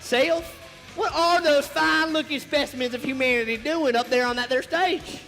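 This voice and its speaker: A man playing a brash, over-the-top game guru in a live stage comedy skit, shouting to a crowd in a large hall. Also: extremely high pitch, moderate pace, full character voice. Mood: boastful. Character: over-the-top male game guru Blam, hyped showman. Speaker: stage performer in a comedy duo. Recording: reverberant hall with music behind.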